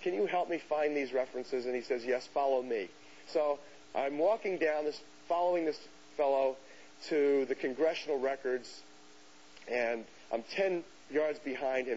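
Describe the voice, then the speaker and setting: A man giving a lecture to an audience, telling a story in an animated way and acting out the voices of people he quotes. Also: medium pitch. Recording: dull hissy lecture recording.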